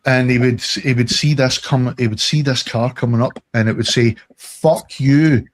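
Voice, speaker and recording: A man's voice: mid-range voice, normal speed. A man from Scotland with a Scottish accent, co-hosting a casual podcast chat and telling stories full of swearing. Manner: sweary, animated storytelling. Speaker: podcast co-host.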